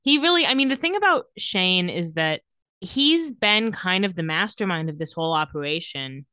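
A woman co-hosting a podcast, telling the story in an animated, casual way. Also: on the low side, normal speed, smooth, no room sound. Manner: animated storytelling, laughs often. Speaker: podcast co-host. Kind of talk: casual recap chat.

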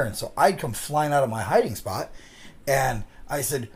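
A man's voice: mid-range voice, a little fast, husky. A man co-hosting a casual podcast, rambling through stories, laughing often and swearing casually. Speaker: podcast co-host. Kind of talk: casual chat.

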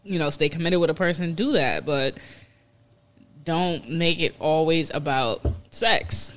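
A man's voice: fairly high pitch, measured pace, a bit bright. A man in casual podcast chat, talking earnestly and reflectively in slang.

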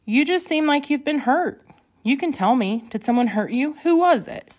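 A woman voicing a concerned young man on the phone who gently presses with questions, read in her own voice. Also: high-pitched, lively intonation, moderate pace, pitched above the performer's own voice.

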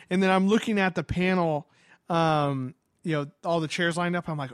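A man excitedly telling a story in casual chat, animated, with lots of fillers and restarts. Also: on the high side, normal speed, smooth, no echo, studio quality.

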